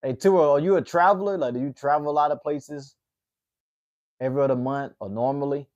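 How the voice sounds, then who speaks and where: A man's voice: a little high, brisk, a little mellow, dull audio. A man in his late twenties from Atlanta with a Southern accent, hosting a casual livestream and chatting with viewers. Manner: laid-back, chatty, reacting to chat. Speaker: livestream host.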